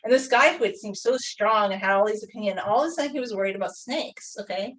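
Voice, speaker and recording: A young woman chats casually on a live stream while she paints, rambling through a story full of fillers like "like." Her mid-range voice moves fast, there's slight background noise, and she sits a bit far from the mic.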